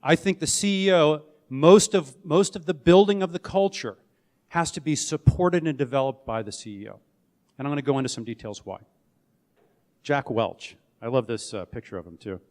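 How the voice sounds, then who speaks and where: A middle-aged man who founded and runs a company gives a candid, conversational conference presentation, often restarting his sentences. His voice is on the high side, expressive and darkish, at normal speed. The room or hall adds a long reverb.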